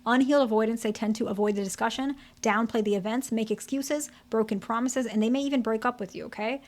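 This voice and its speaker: A woman's voice: a little high, quick pace, darkish tone. A woman therapist explaining relationship patterns to camera in a candid, conversational way, often checking in with "okay?" and "right?". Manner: candid, direct.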